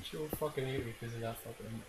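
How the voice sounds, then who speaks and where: A man's voice: mid-range voice, steady tone, a little fast. Man, gameplay commentary, self-mocking, swearing, laptop built-in mic, heavy hiss. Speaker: gaming video creator. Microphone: laptop internal mic.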